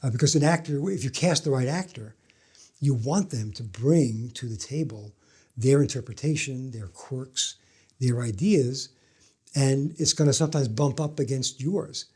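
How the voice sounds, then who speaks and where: A male film director and writer giving a thoughtful, frank interview answer with gentle self-deprecation. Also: mid-range voice, measured pace, breathy edge.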